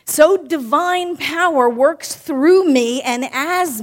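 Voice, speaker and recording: A woman giving a sermon in a warm, conversational way, often asking "right?" and slowly repeating key lines for emphasis. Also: sits high. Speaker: minister.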